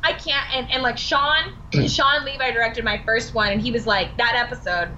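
A bubbly woman chats as a podcast guest, her voice bright and a little high, bouncing through stories where she acts out what everyone said. The recording is slightly dull with a faint hiss underneath. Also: moderate pace. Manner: bubbly, animated storytelling with quoted dialogue and laughs. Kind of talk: casual interview chat.

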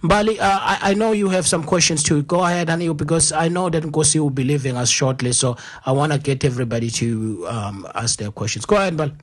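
A South African man with a Zulu first language, hosting a casual interview as a rambling storyteller who laughs easily and fills pauses with lots of "uh"s. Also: fairly high pitch. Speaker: podcast host.

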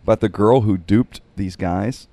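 A man's voice: lowish voice, unhurried, gravelly. A man telling a funny road-trip story in casual chat, acting out the other people's voices. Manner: animated, acts out quoted voices.

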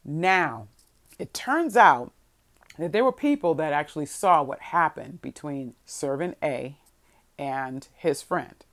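A woman preaching a sermon, reading scripture slowly and moving between soft stretches and emphatic bursts. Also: low voice, animated. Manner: reads scripture in a slow, measured voice.

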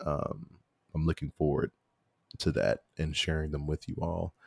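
A young man hosting a podcast, telling a story in casual chat and acting out quoted people in a much higher voice. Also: normal speed, gravelly, darkish tone, husky, no room sound, clean studio sound. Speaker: podcast host.

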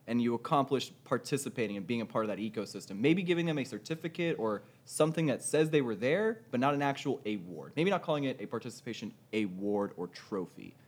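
Earnestly working through his point, a man thinks aloud in a casual group conversation. He speaks into a headset mic at a mid-range pitch. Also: expressive, fast talker, hardly any pauses.

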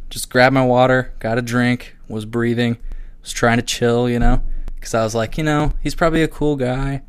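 A man hosting a podcast in casual chat, telling a story with animated swearing and acted-out quotes. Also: mid-range voice, clean tone, no echo. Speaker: podcast host.

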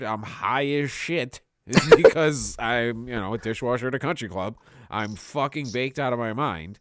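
A young man telling a story in casual chat, animated and swearing freely, acting out the voices of people in it. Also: mid-range voice, moderate pace, hardly any pauses, no echo. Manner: animated, swearing often, acts out quoted voices. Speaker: podcast co-host telling a story.

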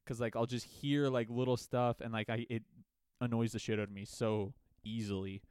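A man's voice: mid-range voice, flat delivery, moderate pace, a little mellow, clean tone, no room sound, clean studio sound. A young man co-hosting a casual podcast, rambling, swearing freely and laughing often. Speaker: podcast co-host.

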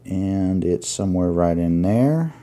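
A man preaching an earnest sermon, pausing to find his place and reading scripture aloud. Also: low voice, animated, warm tone. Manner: earnest, reads scripture aloud with pauses while finding pages.

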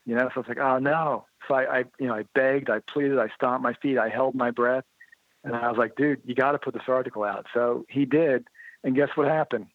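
A man with a mid-range voice, talking a little fast with no room sound, comes through a thin, phone-like line that sounds dry and close. He's a motorcycle writer and blogger guesting on an interview, telling lively anecdotes casually and acting out the voices of people he quotes.

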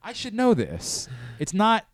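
A man's voice: high-pitched, wildly swooping pitch, unhurried, crowd noise. Man fumbling through names on sports radio. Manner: fumbling, self-deprecating, searching for names aloud. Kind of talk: casual sports talk quiz. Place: radio studio.

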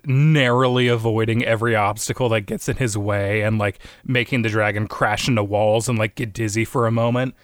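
A man's voice: lowish voice, fairly even intonation, a little fast, hardly any pauses, no echo. Casual male co-host, rambly, filler-heavy, a bit sweary; dry close recording. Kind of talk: casual brainstorming chat.

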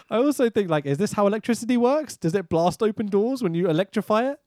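A man's voice: high-pitched, lively intonation, fast talker, darkish tone, no echo, clean studio sound. A man, co-hosting a podcast and recapping a movie in casual chat, sarcastic and swearing often. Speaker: podcast co-host.

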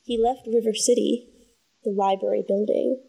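A woman's voice: medium pitch, steady tone, normal speed, vocal fry, dark tone, husky. A woman hosting a podcast, chatting casually with wry, opinionated banter. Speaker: podcast host. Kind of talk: casual chat.

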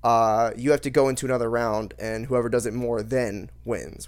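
A young man with a middle-pitched voice talks in loose, rambling casual chat. He swears freely and works himself up into animated rants, full of fillers and restarts. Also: normal speed, clean tone. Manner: rambling, profane, animated ranting.

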